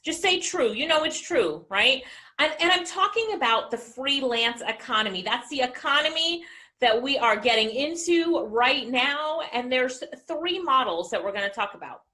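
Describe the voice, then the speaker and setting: A middle-aged business coach, a woman with a high-pitched voice, energetically motivates an online audience at a moderate pace. Questions to listeners come up often.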